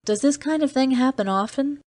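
A woman's voice: sits high, moderate pace, a little mellow, no room sound, voice pushed up, natural voice. A woman voicing a nervous, brash young male guard in an audiobook, questioning pushily. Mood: anxious.

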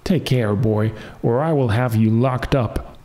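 A man voicing a lonely, weary old cobbler who talks slowly. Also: mid-range voice, dark tone, lightly acted. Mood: gruff.

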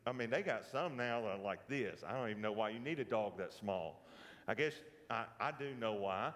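A man's voice: fairly low pitch, animated, moderate pace, a bit bright, echoey room, in a large hall. A man with a Southern US accent teaching a casual church Bible lesson, folksy and joking, often putting questions to the class. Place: church hall.

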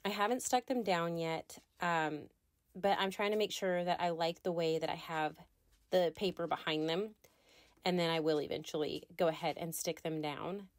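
A woman's voice: fairly low pitch, fairly even intonation, normal speed, no echo. Chatty woman, dry close voice. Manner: chatty, frequent ums, laughs lightly. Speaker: scrapbooking video creator. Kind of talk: casual voice-over while crafting. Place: craft room at home.

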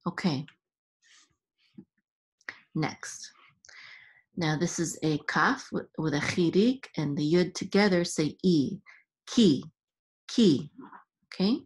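A woman teaching Hebrew reading in a patient lesson, sounding out syllables slowly and chanting the accent marks. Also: on the low side, slightly rough.

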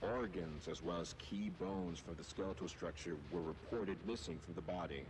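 A grave TV news anchor, played by a man, reads the bulletin in a very deep, measured, formal voice. It comes through as a game broadcast with faint noise behind it. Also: close to an everyday voice.

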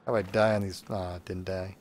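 A man's voice: sits low, little pitch movement, normal speed, darkish tone. A man giving casual, sarcastic, rambling commentary while playing a video game. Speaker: let's play host.

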